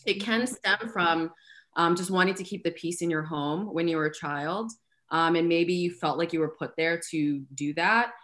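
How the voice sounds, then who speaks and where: Low-voiced woman explaining astrology. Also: normal speed, fairly bright tone. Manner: earnest, explanatory, frequent likes and ums. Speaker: astrologer guest. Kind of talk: casual chat, explaining astrology.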